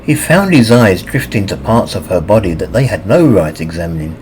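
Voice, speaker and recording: A man narrating a fantasy audiobook with expressive, scripted reading. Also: fairly quick, slight background noise, rough recording. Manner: expressive reading with lively pitch.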